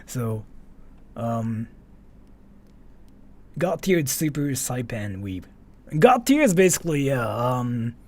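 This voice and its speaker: A man's voice: on the high side, a little mellow. A young man from Japan, speaking English with a Japanese accent, chatting casually on a livestream and reading out donations, with lots of fillers. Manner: chatty, filler-heavy, reads donations aloud. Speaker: streamer.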